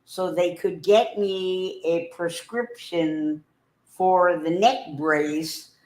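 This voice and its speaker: A woman co-hosts a casual livestream, adding brief remarks between the host's comments. She speaks very slowly, and her voice echoes around the room. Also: on the low side, steady tone, a little mellow. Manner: brief interjections. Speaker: co-host.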